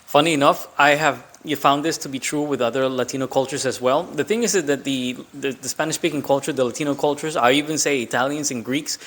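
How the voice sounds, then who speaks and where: A man's voice: mid-range voice, a little fast, hardly any pauses, fairly bright tone. A man from Colombia with a Colombian accent, hosting a reaction video in a chatty, long-winded storytelling manner. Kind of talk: casual commentary.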